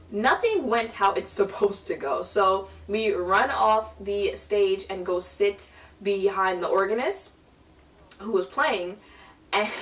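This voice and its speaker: A young woman in a casual storytime vlog, talking in a chatty, animated way and acting out the people in her story. She sounds a little away from the mic, in an ordinary room at home. Her pitch is in the middle for a woman. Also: far from the mic. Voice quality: animated, chatty, quotes people in playful voices. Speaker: vlogger.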